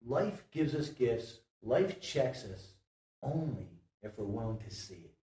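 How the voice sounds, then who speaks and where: Emphatic motivational guest, mellow voice. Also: male voice, medium pitch, a little slow. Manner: animated storyteller, emphatic, repeats words. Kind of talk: casual motivational chat. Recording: roomy, distant from the mic.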